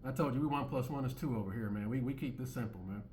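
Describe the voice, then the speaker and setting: Male channel host, blunt profane monologue, keeps restarting and repeating himself, mid-pitched voice. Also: fast, darkish tone, a little hiss or hum. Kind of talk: opinionated monologue over clips.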